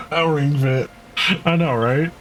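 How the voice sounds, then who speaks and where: A man voicing an eager young farmhand, stammering in his excitement. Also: fairly high pitch, heavily acted. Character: eager cheerful young farmhand, hard worker.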